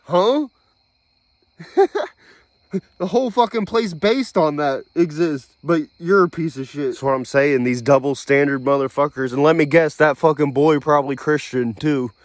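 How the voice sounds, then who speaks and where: A young man from the United States rants on his own, cursing often and breaking into short bitter laughs. His voice sits at a middling pitch and is recorded close and dry, with no room sound around it. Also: no room sound. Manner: profane, bitter, laughs between points. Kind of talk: angry monologue rant.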